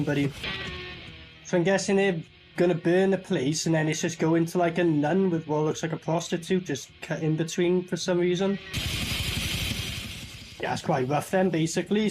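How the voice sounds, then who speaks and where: A man giving a sarcastic, swearing commentary while a cheap movie plays. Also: fairly high pitch. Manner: sarcastic, swearing, talks over the film. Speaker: movie reviewer. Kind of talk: casual film commentary.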